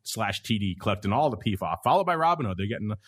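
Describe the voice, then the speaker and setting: Podcast host: man, lower pitch, chatty, wry asides. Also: sing-song, fast, fairly bright tone. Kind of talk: casual market talk.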